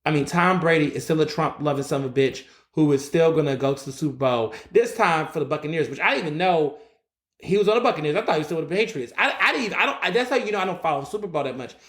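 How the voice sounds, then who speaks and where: A man's voice: a little high, expressive, quick pace, fairly bright tone, roomy sound. A man hosting his own solo podcast, ranting bluntly and with plenty of profanity. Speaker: podcast host. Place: recording in Philadelphia.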